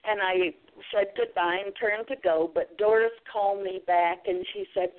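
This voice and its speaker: A woman from Kentucky with an Appalachian accent, telling a personal story as an interview guest. Her delivery is folksy and unhurried. The recording is narrow and phone-like, and her pitch is middling. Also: fairly even intonation. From southeastern Kentucky. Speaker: guest, author and speaker. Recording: tinny phone-like sound.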